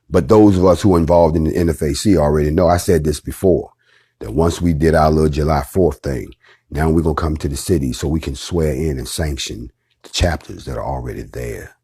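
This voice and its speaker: A man's voice: a bass voice, mellow, slightly rough. A middle-aged man leading an organization, talking to his followers in a casual, emphatic livestream with blunt slang and profanity. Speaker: organization leader addressing followers.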